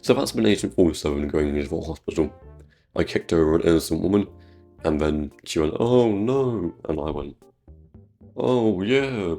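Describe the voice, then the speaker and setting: Very deep gravelly British man. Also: fast, mellow, soft background music. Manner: rambling, crude and jokey. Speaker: gaming YouTuber. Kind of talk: casual gameplay commentary.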